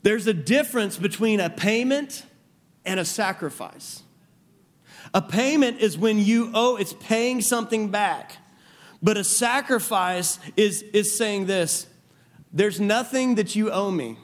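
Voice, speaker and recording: A man's voice: sits high, a little slow. A man preaching a sermon on marriage, earnest, often repeating words as he builds a point. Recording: long reverb of a large hall.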